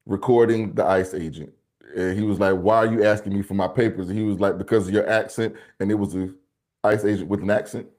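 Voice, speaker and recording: A man co-hosting a podcast in casual chat, joking around and quick to laugh. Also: on the low side, a little mellow. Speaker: podcast co-host.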